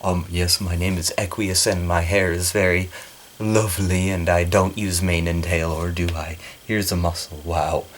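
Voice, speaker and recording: A man's voice: low-pitched, little pitch movement, moderate pace, slight background noise, pitched below the performer's own voice, natural voice. A man putting on the voice of a pompous, muscle-proud young male troll, lisping through fake teeth. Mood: boastful. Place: small bedroom corner.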